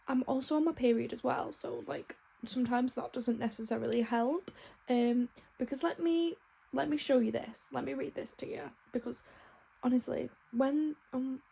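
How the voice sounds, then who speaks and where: A woman's voice: on the high side, vocal fry, dark tone, slightly rough. A young woman chatting casually in a vlog, frank and ranting, swearing freely. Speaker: book vlogger.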